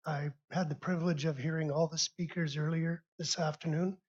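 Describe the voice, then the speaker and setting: A man's voice: fairly high pitch, fairly even intonation, brisk, slightly rough. A man speaking for a sponsor, giving short formal remarks that halt and stumble over words. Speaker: sponsor representative. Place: convention session room. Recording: dull lo-fi sound.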